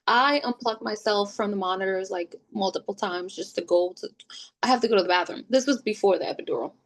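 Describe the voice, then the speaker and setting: A woman sits at home telling her story on a podcast. She talks casually and with energy, and her voice sits at a medium pitch. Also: fairly quick. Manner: lively, acts out quoted voices. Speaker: podcast guest.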